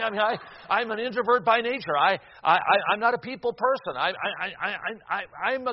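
A man in his sixties preaching a sermon, telling a personal story with dramatic swings from loud to hushed and some stammering restarts. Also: sits high, lo-fi sound, a little hiss or hum.

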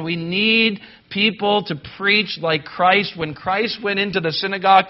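A man preaching a sermon to pastors, emphatic, rising to loud declarations and dropping to low, grave asides. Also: a little slow, few pauses, dull audio.

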